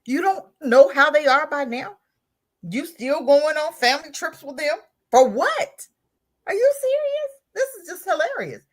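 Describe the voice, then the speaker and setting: Animated, laughing woman hosting talk radio. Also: high voice, measured pace. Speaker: host.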